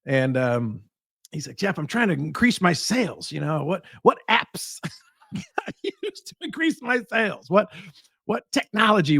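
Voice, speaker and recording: A man's voice: fairly high pitch, no room sound, studio quality. A man, a guest speaker and sales trainer, giving advice in a podcast conversation and acting out the people in his stories. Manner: animated storyteller acting out quoted voices.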